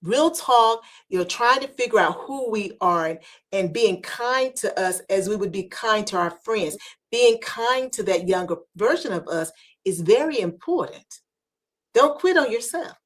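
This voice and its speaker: A woman hosting a podcast, giving earnest, preacher-like encouragement with some hushed asides, over a video call. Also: medium pitch, expressive, normal speed. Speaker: podcast host. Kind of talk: motivational talk.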